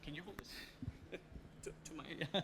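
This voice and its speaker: Guy doing a stage talk, kinda high voice, tells stories with lots of punch and humor. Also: slow pace, vocal fry, bright, forceful tone, slight background noise. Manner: storytelling, emphatic, playful. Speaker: chef giving a stage talk. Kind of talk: stage presentation. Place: stage before a live audience.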